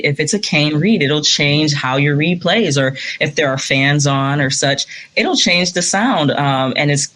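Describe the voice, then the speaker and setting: A woman's voice: low-pitched, fairly bright tone. Enthusiastic woman saxophonist telling stories. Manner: enthusiastic storyteller, laughs often. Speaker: saxophonist guest. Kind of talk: casual interview chat.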